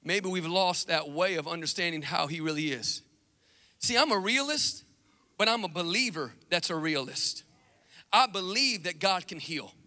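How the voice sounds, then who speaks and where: A man preaching an animated church sermon, with shouted refrains and casual, chatty asides. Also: high voice, normal speed, in a large hall. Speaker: pastor. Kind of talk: energetic sermon.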